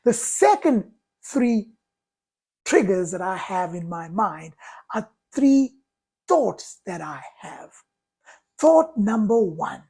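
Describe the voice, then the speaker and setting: A woman giving a motivational talk, speaking in deliberate, emphatic, drawn-out phrases. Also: mid-range voice, big pitch swings, creaky, a little mellow, slightly rough.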